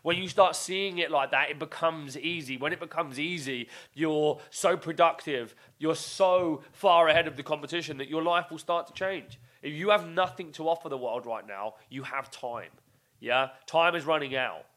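Male podcast host, pitched a bit high, forceful and bright, swearing motivational rant. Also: moderate pace. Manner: intense, swearing, repetitive exhortations; loud, shifting from shouts to low emphatic lines. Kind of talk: motivational monologue.

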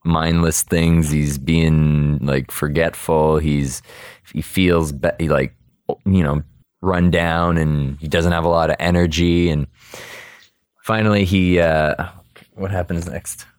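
A man with a very low voice chats casually, retelling a cartoon episode with lots of asides and fillers. The sound is dry and close to the mic. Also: steady tone, slow pace, darkish tone, smooth, no echo. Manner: rambling, many fillers and asides.

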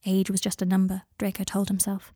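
A woman narrating a fan fiction audiobook in a calm, even reading voice. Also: mid-range voice, brisk, breathy edge, no echo, clean studio sound.

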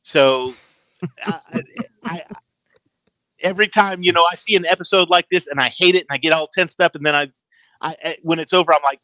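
A man in his thirties hosting a casual chat, animated, stumbling over restarts and acting out quotes. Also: fairly high pitch, brisk, pauses often, dry recording, rough recording. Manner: animated, stammers, acts out quotes. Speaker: podcast host. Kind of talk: casual chat about a TV episode.

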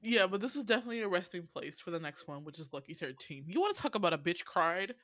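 A woman chatting casually about an animated series, animated in her telling, swearing and laughing often. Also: on the low side, fast, no room sound. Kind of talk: casual chat reviewing an animated anthology.

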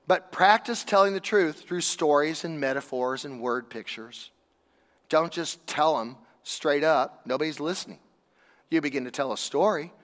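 A man delivers a loose, conversational sermon, pressing his points with emphasis and rhetorical questions. His voice is fairly high for a man and fairly bright, ringing with the long reverb of a large hall.

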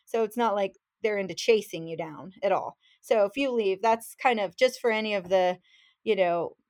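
A woman's voice: medium pitch, normal speed. A woman fishing guide telling a story in a casual chat, acting out what people said and laughing as she goes. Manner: animated, acts out quotes, laughs while telling. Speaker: fishing guide, podcast guest.

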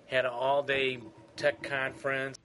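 A man hosts a podcast in a relaxed, chatty way, trading dry jokes and gentle teasing with his co-hosts. His voice sits at an ordinary middle pitch for a man, and a faint hiss lies under the recording. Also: unhurried. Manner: joking, teasing, dry humor. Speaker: podcast host. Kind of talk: casual podcast banter.

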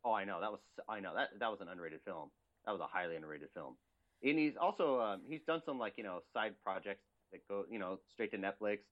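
A man rattles through a casual movie chat at high speed. His voice is low and eager, and he rambles and repeats himself. The recording sounds dull and lo-fi. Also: expressive, quick pace. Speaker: podcast co-host.

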